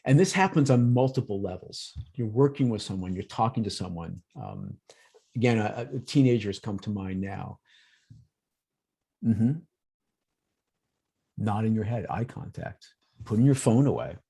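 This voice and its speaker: Man with a gravelly, husky voice. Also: fairly low pitch, normal speed, long pauses. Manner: lively, acts out examples in quoted voices. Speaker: workshop presenter on emotional intelligence. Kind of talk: conversational workshop talk. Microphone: video call.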